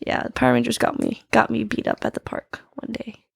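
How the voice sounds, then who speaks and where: Animated high-voiced young woman telling stories. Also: a little fast, vocal fry, breathy edge. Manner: animated, swings into high squeals. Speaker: jiu jitsu instructor and guest. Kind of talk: casual chat, storytelling.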